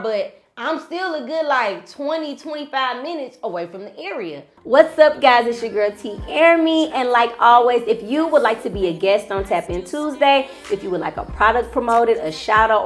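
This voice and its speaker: A woman hosting a casual podcast, telling a story in an animated, slangy, emphatic way. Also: on the high side. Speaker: podcast host.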